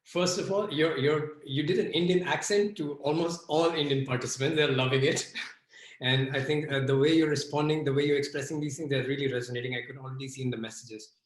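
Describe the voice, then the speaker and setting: A man hosting an interview over a video call. He speaks in a relaxed way with many hesitations. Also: medium pitch, a little fast, reverberant. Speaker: host.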